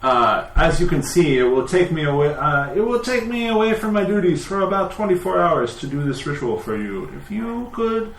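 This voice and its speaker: A man's voice: a little high, expressive, normal speed, few pauses, slight background noise, pitched above the performer's own voice. A man voicing a wary male temple priest who haggles for a donation, in a tabletop game recorded in a roomy space. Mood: bargaining.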